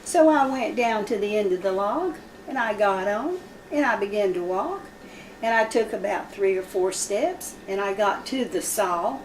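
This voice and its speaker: A woman's voice: medium pitch, lively intonation, moderate pace, slight background noise. A woman teaching a Bible study, telling a personal story vividly and acting out the voices of the people in it. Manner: vivid, acts out quoted speech. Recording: roomy sound from a distant mic.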